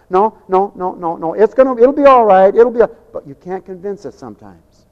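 A middle-aged man preaching a fiery sermon, swinging from loud shouts to quiet joking asides. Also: high-pitched, very animated, brisk, big-room sound, lo-fi sound. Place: large church hall.

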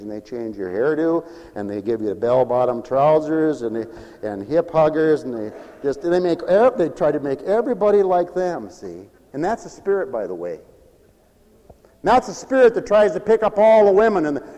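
A man with a high, lively voice preaches a sermon in a church hall, swinging his pitch widely and acting out other people's voices. His words ring with a long hall reverb, and he now and then rises to a shout for emphasis.

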